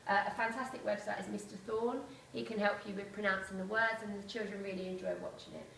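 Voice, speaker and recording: A woman's voice: medium pitch, little pitch movement, a bit bright. Woman teacher presenting to parents, distant mic, heavy room echo, faint background noise. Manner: clear, explanatory, spells out letters slowly. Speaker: primary school teacher. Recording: echoey room from far off.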